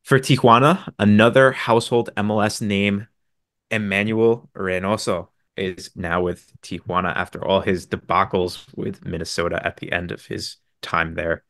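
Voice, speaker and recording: A man with a lowish voice co-hosts a casual sports podcast, laying out fixtures and player numbers at a brisk clip. His jokes come out dry and sarcastic. The sound is close and dry, with no room around it. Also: fairly even intonation, fairly bright tone, dry recording. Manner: brisk, stat-heavy, with dry sarcastic asides. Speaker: podcast co-host.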